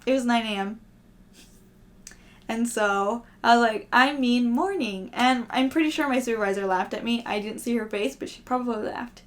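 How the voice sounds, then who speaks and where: A woman's voice: on the high side, steady tone, normal speed. A young woman vlogger in casual, rambling, self-deprecating chat to camera, often laughing.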